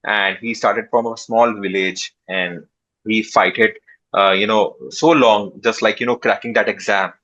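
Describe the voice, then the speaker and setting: A man answering interview questions as a startup founder, pausing often with drawn-out fillers. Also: on the low side, steady tone, a bit bright, muffled recording. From India.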